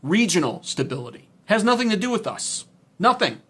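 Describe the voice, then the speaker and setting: A man's voice: high-pitched, big pitch swings, brisk, sharp tone, slightly rough. A man hosting a political livestream, reading chat and ranting in a profane, sarcastic, heated way. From United States. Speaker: political commentary streamer.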